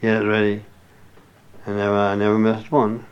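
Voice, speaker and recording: A low-pitched older man spins a rambling, salty yarn with folksy chuckles. His voice sounds smooth and resonant, though the recording is muffled and lo-fi. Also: completely flat delivery, moderate pace. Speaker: interviewee. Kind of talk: rambling oral-history storytelling.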